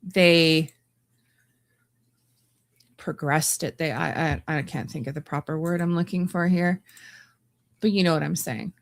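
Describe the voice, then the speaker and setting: This is a woman podcast host from Canada who talks alone in a blunt, exasperated way. She often stumbles and restarts her sentences. She speaks in a slightly lower register than most women. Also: steady tone, a little slow, gravelly, long pauses. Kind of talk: opinionated solo commentary.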